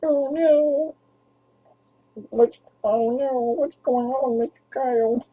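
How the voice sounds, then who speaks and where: A man voicing his small male dachshund in a high, nasal, froggy puppet voice, whiny and pleading. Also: slow, breathy edge, full character voice. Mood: fretful. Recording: tinny phone-like lo-fi audio.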